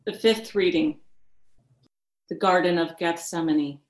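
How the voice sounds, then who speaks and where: A woman reading scripture passages in a measured, solemn way, in a church. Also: on the low side, roomy sound. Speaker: scripture reader.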